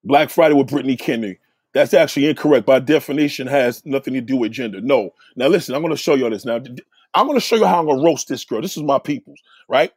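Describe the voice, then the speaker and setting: A man's voice: fast talker, breathy edge, no room sound. A man hosting his channel, mocking viewers in a profane, heated rant. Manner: animated, swinging pitch. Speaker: channel host reacting to viewers. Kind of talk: heated live commentary.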